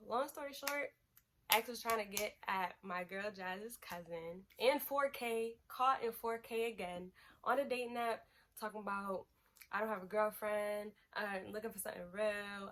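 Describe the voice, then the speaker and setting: A young woman vlogger, telling a dramatic story in a casual way and acting out the people in it. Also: mid-range voice. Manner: animated, dramatic retelling with quoted voices.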